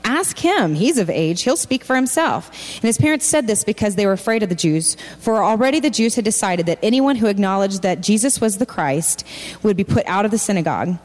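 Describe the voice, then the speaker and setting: Animated and brisk, her voice a little mellow and trailing a long reverb, a woman preaches at church in a large hall. She reads scripture and voices its characters, raising her pitch as she quotes them.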